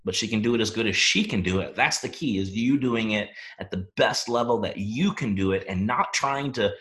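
A man's voice: fairly low pitch, a little fast, fairly bright tone. A man hosting a coach training session, giving an emphatic motivational talk and asking the audience questions.

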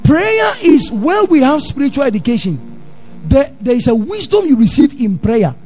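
A Ghanaian pastor preaching a sermon in church, animated, drifting into sing-song and acting out his stories. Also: extremely high pitch, moderate pace, faint music behind. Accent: Ghanaian English.

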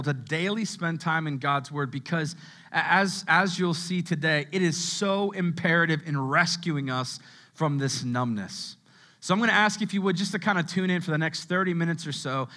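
A young adult man preaching a sermon in a conversational style, repeating words as he goes and dropping to a low hush on key words. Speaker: pastor.

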